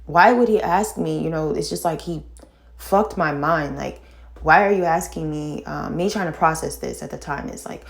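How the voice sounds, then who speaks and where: A middle-aged woman telling a painful personal story in casual talk, halting and full of fillers and restarts, sighing and shaken. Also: low-pitched, gravelly. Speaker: vlogger telling her own story.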